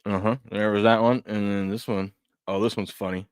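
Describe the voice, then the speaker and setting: A man hosts a loose, casual sports talk show, his voice sitting a little low. He rambles and trips over his own sentences, restarting as he goes. The sound is close and dry, with no room around him. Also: flat delivery, normal speed, clear, resonant tone, no echo. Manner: rambling, repeats himself, frequent restarts and fillers.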